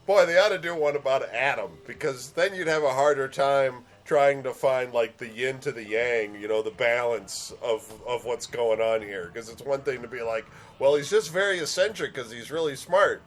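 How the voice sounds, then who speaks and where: A man co-hosting a casual podcast chat, recounting things in a relaxed way with many "like"s. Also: medium pitch, normal speed, few pauses. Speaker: podcast co-host.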